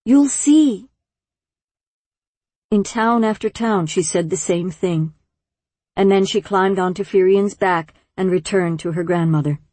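A woman narrating an audiobook in a measured, gentle storytelling manner. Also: fairly low pitch, fairly even intonation, no echo. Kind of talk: scripted narration.

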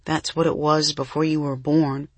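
A woman voicing a brainy, serious girl who talks in a precise, deliberate way in a storybook reading. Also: deep voice, level tone, breathy edge, no room sound.

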